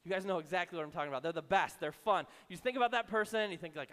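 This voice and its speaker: A man preaching a sermon in a conversational way, acting out imagined voices and dropping low and soft for emphasis. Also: rapid-fire, smooth, in a large hall. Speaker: pastor.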